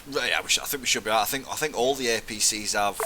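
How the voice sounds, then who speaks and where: A man's voice: fairly low pitch, rapid-fire, background noise. A young man, giving sweary blunt banter as a squad leader in casual gaming chat.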